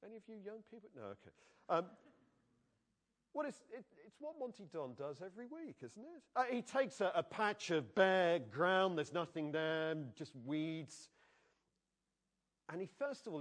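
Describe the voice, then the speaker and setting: Man preaching a lively, chatty sermon, fairly high voice, often turns questions on the congregation. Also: moderate pace. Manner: animated, conversational, asks the congregation questions. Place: church.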